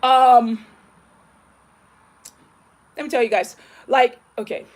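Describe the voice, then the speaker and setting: A woman's voice: on the high side, fairly even intonation, slow pace. A young woman vlogger telling a personal story with emotion, emphatic and repeating herself, acting out the dialogue she quotes.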